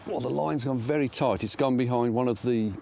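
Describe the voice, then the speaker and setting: A man's voice: medium pitch, fairly quick, creaky, a little hiss or hum. An older man fishing at a lake outdoors, chatting casually and poking fun at himself as he plays a fish. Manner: self-deprecating, excitable. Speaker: angler co-presenter.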